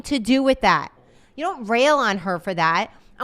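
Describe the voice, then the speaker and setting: With a slightly high voice at a moderate pace, a female podcast co-host relates a story casually and with clear exasperation. She brings the characters to life by voicing their lines.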